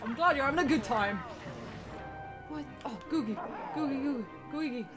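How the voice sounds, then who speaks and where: A woman giving casual, excitable commentary while playing a video game, swearing and shrieking at what happens on screen. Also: high voice, normal speed. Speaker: let's play gamer. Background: game music.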